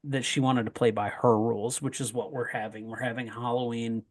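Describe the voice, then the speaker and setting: A man's voice: medium pitch, flat delivery, a little fast. A young man talking in a casual podcast chat, rambling with joking asides and plenty of fillers. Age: young adult. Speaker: wrestling promoter guest.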